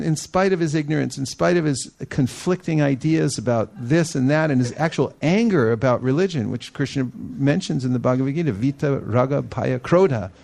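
Guy preaching, telling stories, gravelly kinda high voice, does the voices, laughs a lot. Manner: animated, acts out quoted people, laughs often. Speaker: devotional speaker. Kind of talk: storytelling sermon.

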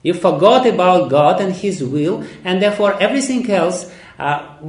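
A man's voice: high-pitched, expressive, normal speed. Emphatic man preaching in an echoey room. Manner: emphatic, laughs often, frequent fillers. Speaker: lecturer on scripture. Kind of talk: sermon.

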